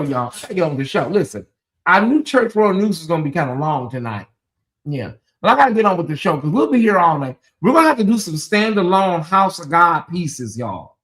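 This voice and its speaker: Hosting a livestream, a man with a notably high voice speaks directly to his chat. He's animated and laughs frequently.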